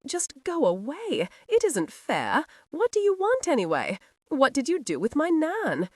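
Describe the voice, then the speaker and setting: A woman voicing a frightened but defiant young gentlewoman who pleads in a high, strained voice. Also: wildly swooping pitch, a little slow, no room sound, studio quality, full character voice. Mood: frightened pleading.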